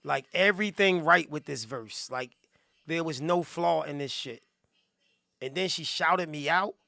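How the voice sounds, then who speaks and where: A man's voice: fairly high pitch, a little slow, vocal fry, pushed and bright, dry recording, studio quality. A man hosting a live music review stream, reacting with hyped, joking commentary and talking straight to his chat. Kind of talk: casual livestream commentary.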